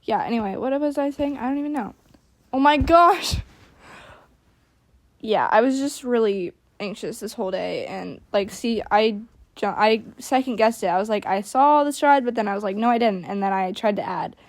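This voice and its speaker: A woman's voice: mid-range voice, fairly quick, darkish tone, no room sound. A young woman giving casual, self-critical voice-over commentary on her riding videos, chatty and full of "like" fillers. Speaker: equestrian vlogger.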